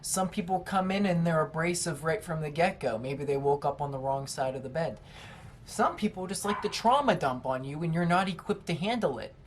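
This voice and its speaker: A young man who works in a shoe store, telling work stories in a casual vlog. He is animated and swears freely, and he acts out what people said. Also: fairly high pitch, a little fast, a little hiss or hum. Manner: animated, profane, acts out quoted lines. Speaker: retail shoe store worker.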